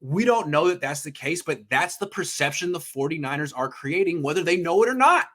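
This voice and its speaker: A man's voice: fairly high pitch, lively intonation, fairly quick, fairly bright tone. Ranting man in heated sports talk. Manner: ranting, profane, emphatic bursts. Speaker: sports podcast host.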